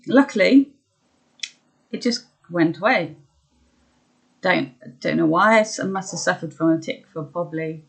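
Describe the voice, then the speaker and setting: A young woman talking candidly about her own experiences, hesitant with many pauses and ums, laughing at herself at times. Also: fairly high pitch, low-quality recording. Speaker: vlogger sharing her illness experience. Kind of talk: candid personal chat.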